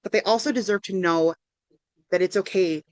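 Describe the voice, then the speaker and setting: Speaking at a moderate pace with a medium-pitched, darkish voice, a woman counselor presents an interactive workshop online via video call. Her manner is upbeat and encouraging, and she keeps checking in with "right?".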